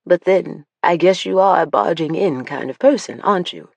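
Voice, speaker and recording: A woman's voice: on the low side, expressive, normal speed, creaky, a little mellow, no room sound, lo-fi sound. Woman reading as a chilly older woman billionaire. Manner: cool and chilly.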